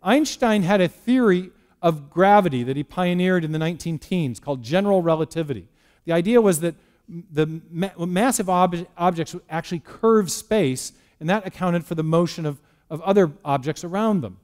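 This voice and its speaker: A man's voice: sits high, moderate pace, a little mellow. A man giving a lecture on science and faith in a church, telling it as a story with restarts and rhetorical questions. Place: church hall.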